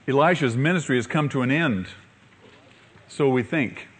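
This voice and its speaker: This pastor's voice is medium in pitch with a breathy edge, and he moves at a moderate pace. He tells his sermon's story with animated character voices and puts rhetorical questions to the congregation.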